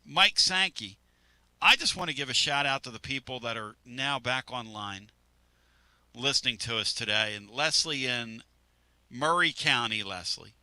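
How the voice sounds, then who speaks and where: A man's voice: mid-range voice, lively intonation, moderate pace, sharp tone, smooth, no echo. A man hosting sports talk radio in a studio, rambling and joking.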